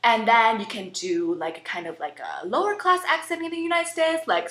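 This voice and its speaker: A young woman hosting a playful comedic audition, chatty and animated. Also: fairly high pitch, normal speed, hardly any pauses, a little hiss or hum. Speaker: host audition contestant. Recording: roomy echo.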